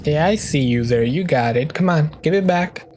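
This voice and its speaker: A man's voice: on the high side, lively intonation, moderate pace, a little mellow, a little hiss or hum. Rambling man narrating his gameplay. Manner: rambling, joking storyteller. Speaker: gaming video host. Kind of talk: casual gameplay commentary.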